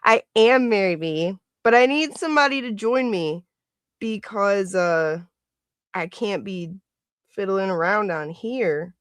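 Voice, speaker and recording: A woman's voice: medium pitch, slow, smooth, dry recording, clean studio sound. A woman hosting a casual livestream, chatting and laughing often as she greets viewers by name. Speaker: livestream host.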